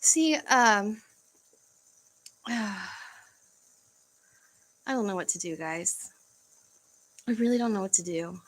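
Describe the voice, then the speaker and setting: A young woman chatting casually on a livestream from home, halting and searching for words, with frequent fillers and sighs. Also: medium pitch, animated, a bit bright, rough recording. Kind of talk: casual livestream chat reading comments.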